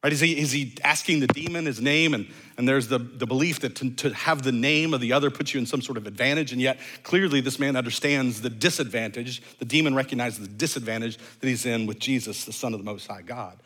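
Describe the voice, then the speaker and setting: A pastor delivers an earnest sermon, swinging between loud emphasis and hushed, low phrases. He talks fast with few pauses and often repeats words as if thinking aloud.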